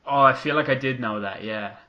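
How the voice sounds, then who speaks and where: A man's voice: mid-range voice, brisk, highs cut off. A man co-hosting a wrestling podcast in casual chat, telling stories with easy swearing. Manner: chatty storyteller, casual swearing. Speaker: podcast co-host.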